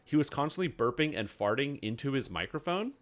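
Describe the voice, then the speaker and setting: A man's voice: medium pitch, expressive, brisk. A man chatting casually on his game stream, telling a rambling story full of fillers.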